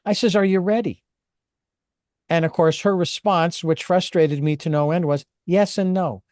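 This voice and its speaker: Fairly high-voiced man hosting, dry and close. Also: steady tone, normal speed, darkish tone, dry recording. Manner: rambling, hesitant, with many fillers and restarts. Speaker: host. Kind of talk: interview.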